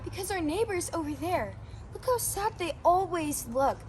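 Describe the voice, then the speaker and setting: A woman's voice: extremely high pitch, lively intonation, moderate pace, a little hiss or hum. A woman voicing a caring, tender-hearted sheep who asks eager questions, in an amateur scripture drama. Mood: worried.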